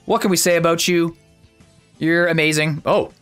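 A man giving casual, excitable commentary while playing a video game, chatty and quick to exclaim, speaking into a desk mic at his computer. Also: a little high, clean tone, faint music behind. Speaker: gaming YouTuber.

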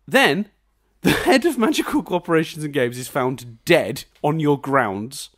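Podcast co-host, male, animated swearing ranter, somewhat high and very lively pitch. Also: unhurried. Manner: laughs often mid-sentence. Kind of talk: casual film review chat.

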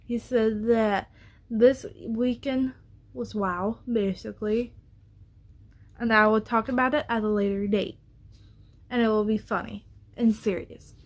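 A woman with a somewhat high voice rants to camera in a casual vlog, blunt and full of cursing. A faint hum of room ambience sits behind her. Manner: blunt, profane, ranting. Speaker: YouTuber.

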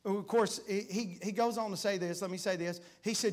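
A man preaching in a church, reading scripture aloud and building to fervent, pleading shouts. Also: high voice, moderate pace, few pauses. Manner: reads scripture aloud in King James wording. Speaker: guest preacher. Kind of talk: revival preaching. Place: church sanctuary.

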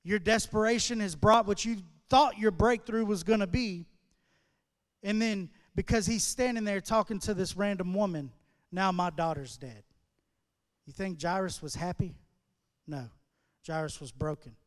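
A male guest speaker at a recovery ministry, preaching a sermon as animated storytelling in casual street slang. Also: high voice, normal speed, big-room sound.

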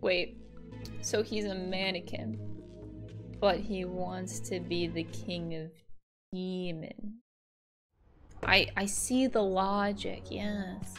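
A young adult woman giving casual, excitable, sweary gameplay commentary as a streamer. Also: lowish voice, takes it slowly, pauses often, over music. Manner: excitable and sweary, laughing often and switching between voices. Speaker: gaming streamer.

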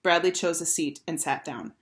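Teacher reading a children's novel aloud; fairly low, clear, expressive. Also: female voice, normal speed. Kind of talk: storybook read-aloud.

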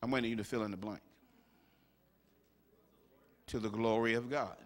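A man serving as bishop, preaching a sermon to his congregation with animated, humorous asides and acted-out quotes. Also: on the low side, rapid-fire. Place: large church sanctuary. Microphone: stage microphone. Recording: live sermon with long hall reverb.

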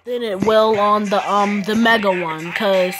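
Here her voice sits at a medium pitch, steady and a little slow, with music in the background. Recording her phone screen as she plays, she keeps up casual commentary, teasing opponents and laughing at them.

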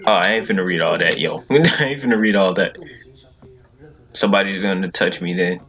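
A man's voice: low-pitched, a little fast, a bit bright. A man giving casual let's-play commentary on a horror game, jittery and repeating himself over and over. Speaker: gaming video creator.

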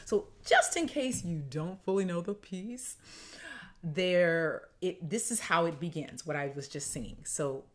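A woman composer and choir conductor, explaining her choral piece in a lively, conversational, demonstrative way. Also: lowish voice, measured pace, slight background noise.

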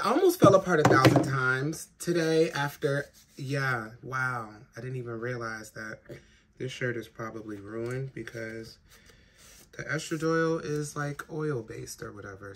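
A trans woman vlogging at home, worn out after crying, talking frankly and rambling with plenty of swearing. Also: extremely low pitch. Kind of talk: casual vlog chat to camera. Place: home in a big city. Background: faint city noise.

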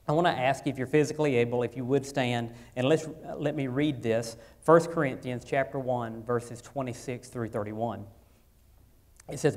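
A man preaching a sermon, his voice swelling louder on key phrases and dropping low between, with frequent restarts. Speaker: pastor.

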